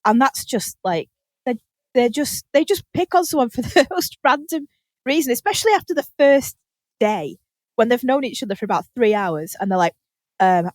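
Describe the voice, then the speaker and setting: A British woman hosting a podcast, telling animated stories in casual chat, laughing often and swearing casually. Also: fairly high pitch, normal speed, dry recording. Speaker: podcast host.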